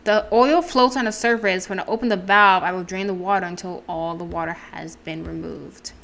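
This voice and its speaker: A woman's voice: lowish voice, steady tone, moderate pace, a bit bright, a little hiss or hum. A woman streaming a game, reading its text aloud and chatting with self-deprecating asides. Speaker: gameplay streamer. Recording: game music playing behind.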